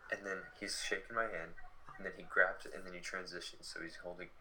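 Young man, late teens, low voice, very bright tone, casual storytelling, filler-heavy chat, faint background hiss. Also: a little fast, poor audio. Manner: chatty, many fillers, lively retelling.

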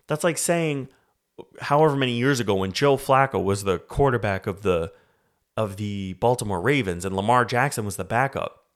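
A man's voice: on the low side, moderate pace. A man from Canada hosting a solo sports podcast, ranting in a heated, profane way about football. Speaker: podcast host.

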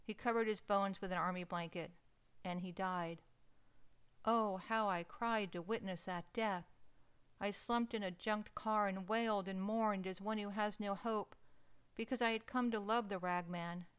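Woman narrator, mid-pitched and smooth-toned; expressive, emotional story reading. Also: unhurried.

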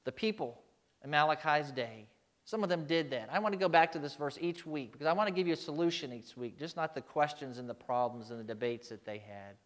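A man's voice: on the high side, fairly bright tone. A male pastor delivering a sermon with emphasis, putting rhetorical questions to his congregation.

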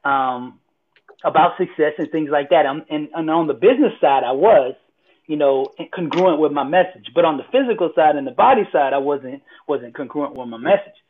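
A man's voice: fairly high pitch, normal speed. A man, a motivational speaker, telling a story from his life in casual conversation, repeating words and acting out what people said. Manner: animated storyteller, repeats words, acts out quotes loudly. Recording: tinny phone-like line.

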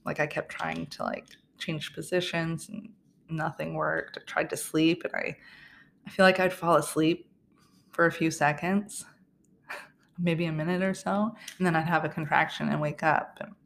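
Young woman, low voice, casual storytelling, frequent laughs, faint background hiss. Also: level tone, normal speed, vocal fry. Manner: chatty, laughs often, trailing restarts. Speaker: podcast host.

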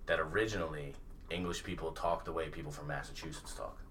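A man co-hosting a casual podcast chat, animated and profane, often laughing. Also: rumbling low, fast, a little hiss or hum. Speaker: podcast co-host. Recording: distant mic with faint ambience.

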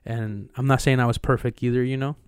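His voice is smooth, clear, and fairly level in pitch, moving a little fast on a dry, close-miked recording. The young podcast co-host is casually telling a personal story with animated, profane flair.

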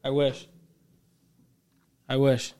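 Very slow and clean-toned, a mid-range male voice belongs to a casual podcast co-host. He tells lively stories full of swearing and imitates the people he quotes.

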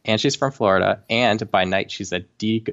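A young man with a low, gravelly edge to his voice chats casually as co-host, stumbling through fillers and restarts. The recording sounds dull and lo-fi, like a home setup. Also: a bit bright. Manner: halting, many fillers and restarts, laughs often. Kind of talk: casual chat about reality TV.

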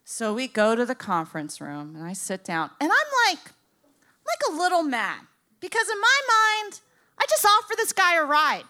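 A young woman from Florida tells a comic story. Her voice is high and bright and jumps around a lot. She acts out the people in it and swings from loud to hushed. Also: wildly swooping pitch, moderate pace.

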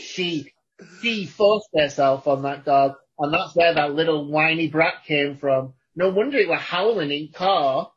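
A man co-hosting a podcast in casual chat, deadpan and crude in his teasing. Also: on the high side, a little slow, breathy edge. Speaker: podcast co-host. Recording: dull, lo-fi sound.

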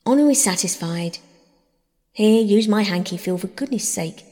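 A woman's voice: medium pitch, expressive, normal speed, mellow, in a large hall, lightly acted. A woman voicing a proud young boy who scolds his sister offhandedly in a storybook reading. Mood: impatient. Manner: offhand, impatient, brotherly scolding.

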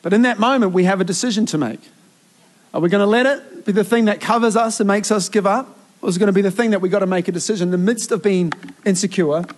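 A man's voice: sits high, fast. A middle-aged man, preaching a sermon as a youth pastor, earnest and emphatic with frequent restarts.

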